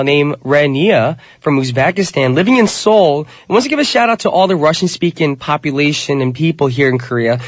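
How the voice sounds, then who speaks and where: A man's voice: fairly high pitch, dry recording. A man hosting a radio show in a chatty, upbeat style, his voice nasal from a cold. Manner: upbeat, chatty, addresses listeners as you guys. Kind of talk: casual radio DJ patter. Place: radio studio.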